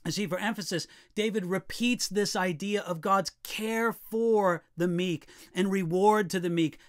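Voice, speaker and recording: A man preaching a sermon, reading scripture slowly and asking the listeners rhetorical questions. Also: sits high.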